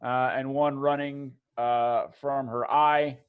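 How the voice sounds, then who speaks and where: A man narrating as game master of a tabletop game, halting with many fillers and restarts. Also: mid-range voice, level tone, clear, resonant tone, phone-quality sound.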